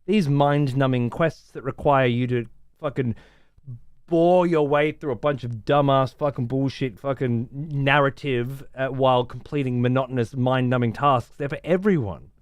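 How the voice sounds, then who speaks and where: A man's voice: mid-range voice, fairly even intonation, moderate pace, clean tone, dry recording, clean studio sound. A man ranting casually as a streamer, sarcastic, profane and exasperated.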